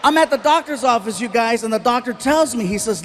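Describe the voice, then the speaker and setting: High-voiced animated stand-up comedian, a man. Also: fairly quick, few pauses. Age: 30s. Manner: animated storytelling, acts out other people's voices.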